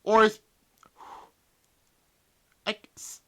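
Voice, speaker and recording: A young man reviewing a wrestling show in a casual, exasperated rant full of swearing. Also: extremely slow. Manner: profane, exasperated ranting.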